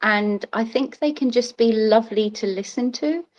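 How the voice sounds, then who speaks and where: A woman's voice: a little high, normal speed. A middle-aged woman from Britain chats casually on a group video call, rambling from one thought to the next and laughing often. Her audio comes through a little dull and lo-fi. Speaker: YouTuber and English teacher.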